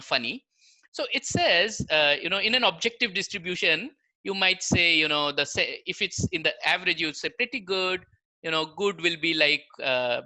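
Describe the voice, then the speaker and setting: A man's voice: fairly high pitch, bright, forceful tone, low-quality recording. A man giving an online public lecture on language, explaining with examples in a conversational way and often checking in with the listeners. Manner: conversational, explains with examples, keeps checking in with "right?" and "you know". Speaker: guest lecturer, language researcher.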